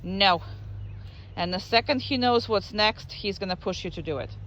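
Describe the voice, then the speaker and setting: A dog trainer explains a training drill in a loose, conversational way, with a voice of middling pitch. A faint hiss sits under the talk. Between explanations the trainer's voice leaps up into squealing baby-talk praise for the dog. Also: moderate pace, fairly bright tone, muffled recording. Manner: chatty, explains while working a dog. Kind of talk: casual training demo.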